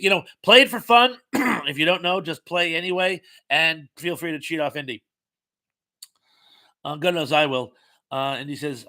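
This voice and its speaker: A man's voice: a little high, bright, forceful tone. A man hosting a casual livestream, reading viewer comments aloud and rambling loosely between them with many ums and uhs. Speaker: host.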